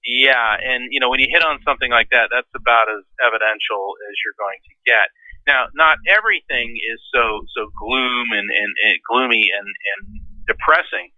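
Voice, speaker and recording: Man, interview guest, very bright tone, dry, slightly muffled audio. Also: moderate pace, no room sound. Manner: animated storyteller, acts out voices in a high pitch. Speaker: guest, lawyer and medium. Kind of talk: interview storytelling.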